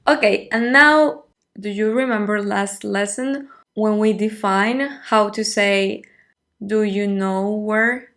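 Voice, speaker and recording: Slow, patient woman teaching Spanish. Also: medium pitch, sharp tone. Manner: slow, patient, repeats phrases for the learner to copy. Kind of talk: online language lesson.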